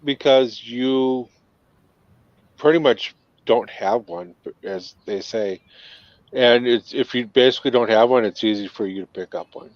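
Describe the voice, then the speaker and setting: A man with a Northern accent, from Minnesota, chats easily over a video call at a measured pace. His pitch is medium. The sound is dull and dry, typical of video-call audio.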